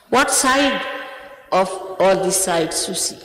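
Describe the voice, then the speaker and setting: A woman's voice: mid-range voice, big pitch swings, a little slow, slight background noise. A woman, a spiritual teacher sternly admonishing her followers in a spiritual talk. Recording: echoey hall recording.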